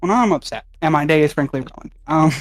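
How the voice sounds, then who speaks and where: A man's voice: a little high, lively intonation, fast, dry recording. A man playing in a tabletop game, joking dryly and rambling. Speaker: player.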